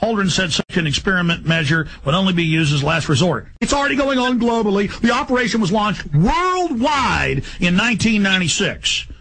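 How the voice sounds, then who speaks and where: A man hosting a talk radio show, ranting rapidly in an agitated, emphatic way. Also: sits high, animated, fairly bright tone, slight background noise, low-quality recording.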